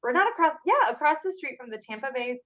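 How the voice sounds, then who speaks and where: A woman's voice: high voice, quick pace, highs cut off. A woman in a casual chat, telling a story with lots of laughter and filler words. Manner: animated, laughing, many "like" fillers. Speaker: guest cosplayer.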